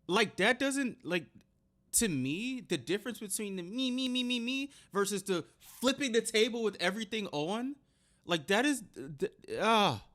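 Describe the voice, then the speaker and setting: A man's voice: sits high, lively intonation, normal speed, a bit bright. A man hosting a reaction video, reacting with blunt, incredulous comments and heavy swearing.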